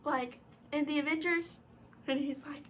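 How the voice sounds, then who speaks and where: Excitable high-voiced young woman vlogger. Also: normal speed, a little hiss or hum. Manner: gushing and excitable, at times half-shouting. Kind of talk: casual chat to camera. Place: room at home.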